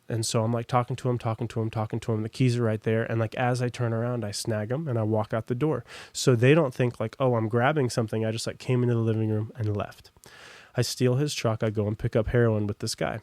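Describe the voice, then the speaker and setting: Young American guy, mid-pitched, guest telling a personal story off the cuff, full of asides, dry close sound. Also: a little mellow, no echo. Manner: rambling, many fillers and asides. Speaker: podcast guest.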